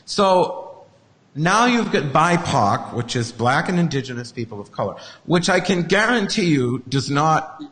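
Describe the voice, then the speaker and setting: A man's voice: fairly high pitch, very animated, a little slow, a bit bright, long reverb tail. A man hosting a casual podcast chat, ranting in a profane, sarcastic way. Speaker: host.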